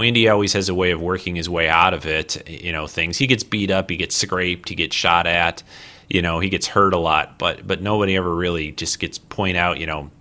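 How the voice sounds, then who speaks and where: A man's voice: sits low, pushed and bright. A man casually talking through a movie scene in a rambling way, full of fillers and restarts. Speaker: movie commentary host. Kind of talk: casual film commentary.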